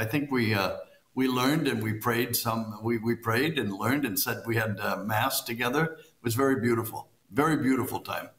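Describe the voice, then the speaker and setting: A man, a priest guest, answering in a halting way and repeating words as he thinks. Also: mid-range voice, a bit bright, reverberant. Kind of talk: conversational interview answers.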